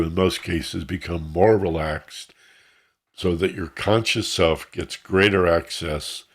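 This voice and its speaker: A man teaching an online class, explaining in a rambling way and imitating sounds to make his points, heard over a video call. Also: low voice. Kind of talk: informal online class talk.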